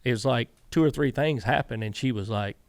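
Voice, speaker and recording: A former racing crew chief in middle age, with a Southern drawl, rambles through stories as an interview guest, peppering them with "I said" while quoting himself and others. His rough, gravelly voice is medium-pitched and a little fast, and the close, dry recording has no echo or room sound.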